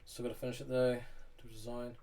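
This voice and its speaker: A man streams live from home indoors while it rains, chatting casually with viewers as he builds, swearing freely and calling people bro and mate. His mid-range voice is warm, monotone, and quick. A distant mic picks up faint background noise.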